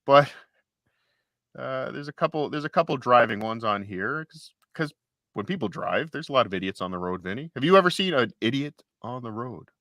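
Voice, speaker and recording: Jokey bright-voiced man co-hosting. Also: medium pitch, expressive, normal speed, no room sound, clean studio sound. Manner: jokey, rambling, mock-indignant asides. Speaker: co-host. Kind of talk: casual livestream chat.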